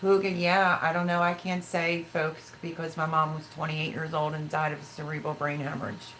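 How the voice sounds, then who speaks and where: A woman in her fifties chats through a live stream, reading out viewer comments and drifting into emotional personal stories. Her voice sits a little on the low side. A faint hiss of background noise runs under the recording. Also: flat delivery, normal speed, fairly bright tone, low-quality recording. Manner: chatty, emotional storytelling, reads viewer comments aloud. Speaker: livestream host. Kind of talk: casual livestream chat with viewers.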